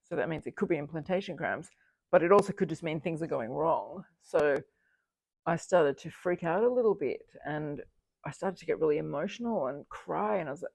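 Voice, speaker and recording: A fifty-year-old woman tells her own story straight to the camera. She is open and reflective, and laughs easily between thoughts. Her voice has a gravelly, creaky edge and sits at a middling pitch, recorded in a dry space with no room sound. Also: expressive, moderate pace, a little mellow, no echo. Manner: candid, reflective, laughs often while recounting. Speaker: single mother sharing her fertility journey.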